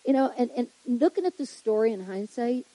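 A woman delivers a casual, joking sermon, turning to the congregation again and again. Her voice sits a little high with a husky grain. The sound is dry and close. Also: lively intonation, fairly quick, dark tone, dry recording, poor audio. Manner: chatty, joking, with frequent asides to the congregation. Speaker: preacher. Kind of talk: humorous sermon.

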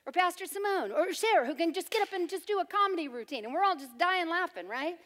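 High-voiced, loud woman preacher. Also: lively intonation, quick pace. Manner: loud, emphatic preaching with playful humor. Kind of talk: sermon.

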